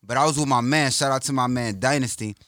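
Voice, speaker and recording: A man in casual podcast chat, spinning a slangy, joking story at an ordinary pitch. His voice sits close and dry, with no room around it. He talks like someone who has told the story to friends before. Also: fast, a bit bright, no room sound. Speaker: podcast guest, poet.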